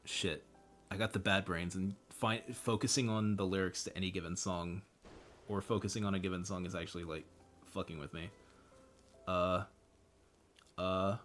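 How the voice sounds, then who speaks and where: A man's voice: low voice, fairly even intonation, normal speed, pauses often, a bit bright, faint music behind. A man streaming a game, making casual, self-mocking asides and swearing freely. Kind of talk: casual gameplay commentary.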